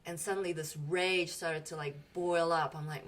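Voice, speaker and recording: A woman with a somewhat low voice talks casually in a spiritual group. She tells personal stories with a lot of emotion, swearing freely and getting animated. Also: normal speed, hardly any pauses, distant mic, a little hiss or hum.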